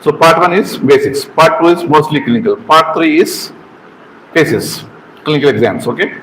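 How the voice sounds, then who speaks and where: A middle-aged man leads an informal lecture on medical exams, in a voice pitched a little high for a man. He talks in short halting phrases, repeats himself and keeps asking the students questions. A faint noise sits under the recording. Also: animated, fairly bright tone, poor audio. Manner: halting, repeats words, asks the audience questions. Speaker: medical exam trainer.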